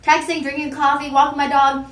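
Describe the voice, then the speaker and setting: A woman's voice: high voice, little pitch movement, a little fast, echoey room. A young woman hosting a live shopping show, chatting with viewers and teasing herself. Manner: chatty and self-teasing, talks straight to viewers. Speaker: shopping channel host.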